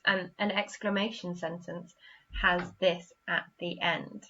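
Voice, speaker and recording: A woman's voice: lowish voice, level tone, measured pace, bright, forceful tone, muffled recording, slight background noise. A woman teaching a primary school literacy lesson, patiently repeating "okay?" and acting out example sentences with expression. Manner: patient, repeats "okay?" after each point.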